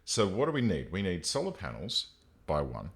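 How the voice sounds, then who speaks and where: Low-voiced streamer guy chatting thru a game, voice bounces all over, gets excited and swears. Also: moderate pace, creaky. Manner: thinks aloud, excitable, swears casually. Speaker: live streamer. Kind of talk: gameplay commentary.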